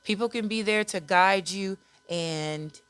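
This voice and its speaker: A woman's voice: medium pitch, takes it slowly, a bit bright, smooth, dry recording. A woman hosting a podcast, talking candidly and conversationally about self-care and parenting, repeating words for emphasis. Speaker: podcast host.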